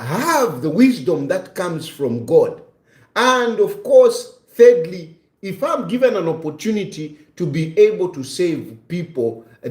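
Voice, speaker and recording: A man's voice: a little high, darkish tone, echoey room. A man in his fifties hosting a live stream, talking in an earnest, reflective way and often repeating his phrases. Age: 50s. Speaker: livestream host.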